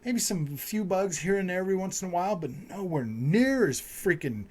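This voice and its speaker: A man's voice: high-pitched, expressive, fairly quick, a little mellow. A man who runs a gaming and tech channel, ranting to his viewers in a frustrated way, repeating himself and saying "man" and "dude" a lot. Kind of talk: frustrated casual rant to viewers.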